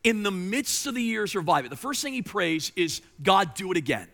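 A male pastor preaching a sermon, emphatic, swinging between loud lines and hushed ones, sometimes repeating words as he presses a point. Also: high-pitched, sing-song, fairly quick, gravelly.

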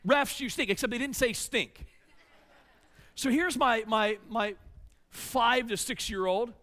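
Male pastor in his forties, high bright voice, storytelling sermon with hushed asides. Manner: storytelling, animated, with dramatic drops to a hush.

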